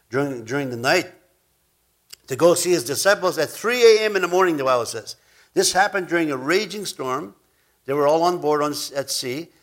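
A man's voice: mid-range voice, a bit bright. A man teaching from the Bible in an informal, rambling way, often correcting himself and acting out the quoted lines. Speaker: preacher.

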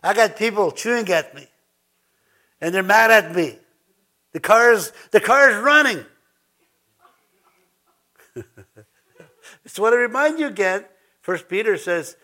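A man's voice: high voice, sharp tone. A man preaching an informal sermon as pastor, chatty and laughing, with frequent restarts and repeated words.

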